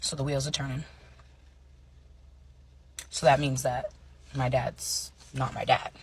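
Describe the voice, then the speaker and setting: A woman in her thirties telling a personal story in a chatty way, full of fillers and dropping into hushed asides. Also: a bass voice, level tone, slow, a little hiss or hum. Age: 30s. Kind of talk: casual storytime monologue.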